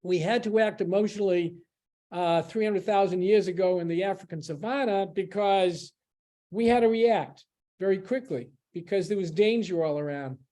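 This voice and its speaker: A man gives a public lecture as a library's guest speaker, talking to the audience in a conversational, explanatory way. His voice is mellow and warm. He often pauses and restarts a thought midway. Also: high-pitched.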